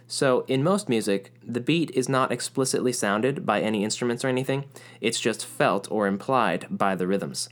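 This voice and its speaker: A man narrating a music lesson in a clear, explanatory way, now and then chanting rhythm syllables aloud. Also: medium pitch, normal speed. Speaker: music teacher.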